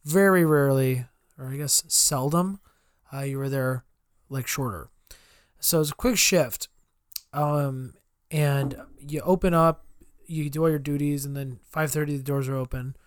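Chatty podcast dude, kinda high voice, telling stories and swearing a bunch, dry sound. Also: male voice, measured pace, no room sound. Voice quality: swears freely. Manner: rambling storyteller, acts out customers in quotes. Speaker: podcast co-host. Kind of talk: casual chat.

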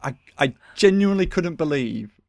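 A man, chatting casually as a podcast host, rambling and animated with lots of fillers. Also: a little high, moderate pace, no echo, studio quality. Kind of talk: casual chat.

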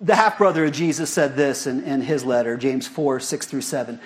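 A man preaching a sermon as a pastor, talking to the congregation in a lively, conversational way with frequent rhetorical questions. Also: mid-range voice, a little fast, few pauses, breathy edge.

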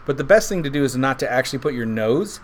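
A man hosts a relaxed whiskey tasting, joking around and explaining things patiently. His voice sits in a middle range. A faint hiss and some room ambience sit behind it. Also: mid-range voice, fast talker. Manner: jokey, playful, explains patiently. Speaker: host. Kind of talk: casual tasting chat.

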